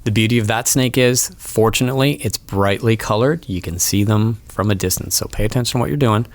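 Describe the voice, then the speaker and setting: A man with a low voice talks through wildlife problems as a studio guest. He explains patiently, pausing on ums and restarting phrases. The sound is dry and close. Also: no room sound. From Florida. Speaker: guest wildlife removal expert. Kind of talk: casual studio interview. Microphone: studio mic.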